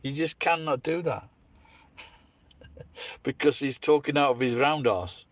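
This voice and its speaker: Speaking slowly in a mid-range voice, a Scottish man vlogs a casual, opinionated monologue full of blunt profanity. There's a dry quality to the recording.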